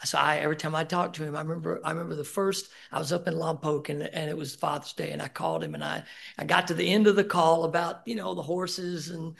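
A man's voice: on the high side, quick pace, gravelly, fairly bright tone. A middle-aged man giving a candid, emotional personal share at a recovery meeting, swearing casually. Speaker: speaker sharing at a recovery meeting. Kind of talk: personal share at a support group. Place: meeting room.

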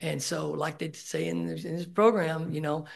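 A man's voice: on the high side, little pitch movement, normal speed, vocal fry. A middle-aged man giving a candid, emotional personal share at a recovery meeting, swearing casually. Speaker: speaker sharing at a recovery meeting. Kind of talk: personal share at a support group. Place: meeting room.

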